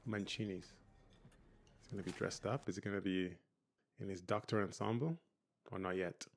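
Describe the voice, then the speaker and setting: A man's voice: sits low, fairly even intonation, normal speed, vocal fry, a little hiss or hum. A man hosting a reaction video, commenting casually on a TV episode and thinking aloud in a rambling way.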